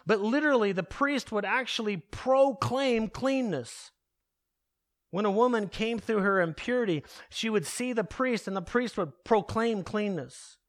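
High-voiced male preacher, emphatic. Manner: emphatic, rhetorical questions, slows down for stress. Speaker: pastor. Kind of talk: sermon.

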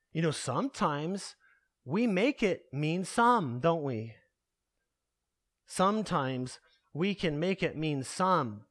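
A man preaching a sermon, emphatic, asking the congregation rhetorical questions and slowing down to stress key words. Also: fairly high pitch, lively intonation. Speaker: pastor.

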